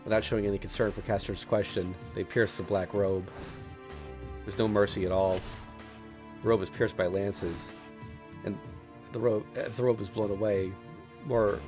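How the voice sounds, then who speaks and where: A low-voiced man narrates a visual novel on stream, reading steadily and tripping over a word now and then. Soft music plays faintly behind him. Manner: steady narration with small stumbles and laughs.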